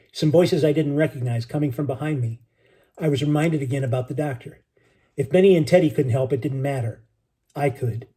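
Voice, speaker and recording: Man narrator for a book reading, steady delivery, husky and mellow tone. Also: a little high. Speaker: audiobook narrator. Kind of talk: first-person storybook reading.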